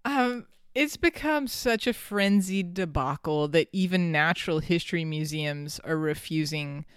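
A podcast host telling a story in casual chat, animated and quick to laugh. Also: mid-range voice, clear, resonant tone, no room sound, clean studio sound. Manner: animated, laughing often, some restarts.

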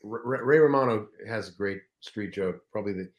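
A man's voice: lowish voice, normal speed. A man hosting a podcast, chatting casually and poking fun at himself while he breaks down jokes. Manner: self-deprecating, chatty, dissects jokes. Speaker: podcast host. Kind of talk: casual chat.

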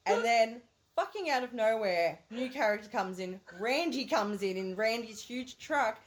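A woman's voice: on the high side, expressive, unhurried. A woman co-hosting a movie review podcast, recapping a film in casual chat, swearing freely and laughing often. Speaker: podcast co-host.

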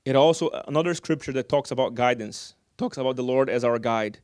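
A man's voice: medium pitch, fairly quick, darkish tone, dry recording, studio quality. A man preaching a sermon, calling out to his congregation for amens.

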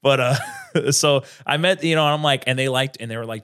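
A man's voice: mid-range voice, fairly even intonation, brisk, few pauses, a bit bright, clear, resonant tone. A man talking as a comedian guest on a podcast, rambling in casual chat, often restarting his sentences and swearing freely.

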